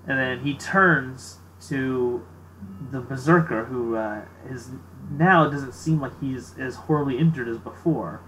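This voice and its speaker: A man's voice: mid-range voice, measured pace, fairly bright tone, slight background noise, low-quality recording. A man narrating as game master, casual and full of fillers, chatting between scenes. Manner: casual, filler-heavy, laughs easily.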